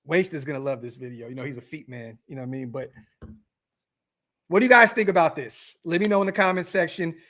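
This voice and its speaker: A man's voice: on the high side, fast talker, a bit bright. A man hosting a casual sports podcast, talking animatedly to his viewers, often repeating himself and restarting phrases. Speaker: podcast host.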